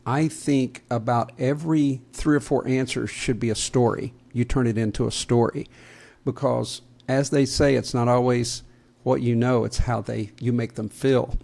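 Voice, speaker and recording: A man's voice: medium pitch, steady tone, normal speed, creaky, a little mellow. A man with a Southern American accent co-hosting a podcast, chatting casually, joking and laughing often. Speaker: podcast co-host.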